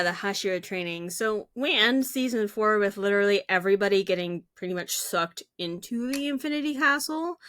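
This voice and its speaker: A woman's voice: mid-range voice, clean tone, no room sound. Chatty woman podcast co-host, dry sound. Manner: chatty and animated, with many fillers. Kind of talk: casual podcast chat.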